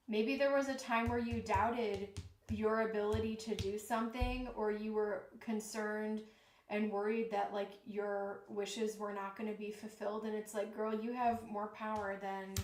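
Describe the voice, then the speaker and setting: Slow-talking, tired woman tarot reader. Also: medium pitch. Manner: slow, soothing, reassuring. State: tired from jet lag. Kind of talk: live-streamed tarot reading. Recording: echoey room with clear background noise.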